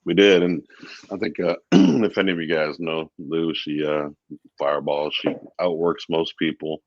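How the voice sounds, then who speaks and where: A man talking as a guest in a casual interview, relaxed and chatty with many fillers. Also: extremely low pitch, normal speed, no room sound, lo-fi sound. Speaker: guest, VP of sales.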